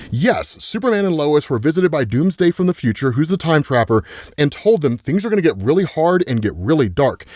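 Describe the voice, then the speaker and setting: Rich: A man recapping a comic book story in casual commentary, his pitch swinging widely as he builds up each beat. His voice sits a bit above the usual range for a man. The sound is dry and close to the mic. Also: no echo. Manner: animated storytelling, frequent "right?" asides. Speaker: comics explainer host.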